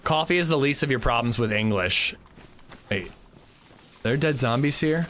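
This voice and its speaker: A man's voice: mid-range voice, animated, moderate pace, a bit bright, slight background noise. A man streaming a game, chatting casually and rambling in a self-mocking way. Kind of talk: casual chat while gaming.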